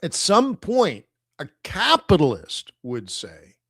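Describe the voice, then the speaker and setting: On this casual livestream, a man hosting a forex trading stream rambles conversationally and chuckles a lot. His voice sits on the high side, with wildly swooping pitch, a slow pace, a fairly bright tone and a breathy edge, recorded at studio quality with no room sound.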